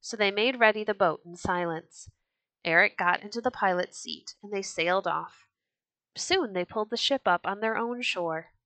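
A woman reading a classic tale aloud for a storybook podcast, with expressive storytelling. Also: medium pitch, normal speed, no room sound.

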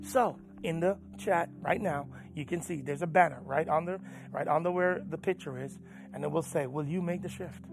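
A man preaching as a pastor, swinging from loud urging to hushed storytelling. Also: a little high, fairly even intonation, a little fast, creaky, faint music behind. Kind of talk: sermon.

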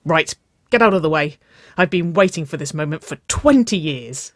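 A reader voicing an excitable young woman, a bossy, teasing older sister, with loud, squealing exclamations. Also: medium pitch, slow, breathy edge, no echo, studio quality, pitched above the performer's own voice, full character voice. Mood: excited.

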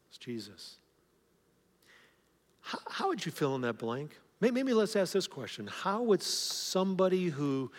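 A man preaching a sermon as pastor, talking in a conversational way and often repeating words as he starts a phrase. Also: fairly high pitch. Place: church sanctuary. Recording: long hall reverb.

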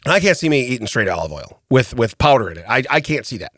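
In a podcast studio, a middle-aged co-host with a medium-pitched voice tells an animated story at a quick pace, laughing often and peppering it with "okay?" It's casual comedic talk, recorded cleanly on a studio mic with no echo.

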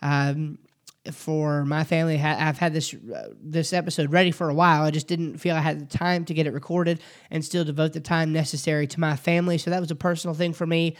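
A man's voice: fairly high pitch, steady tone, fairly quick. A man hosting a podcast lesson, talking it through with many fillers and restarts. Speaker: podcast host.

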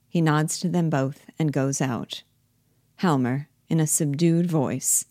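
A woman reading a play aloud, giving the stage directions in an even, plain delivery. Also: low-pitched, slow, no echo, clean studio sound. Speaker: reader, narrator.

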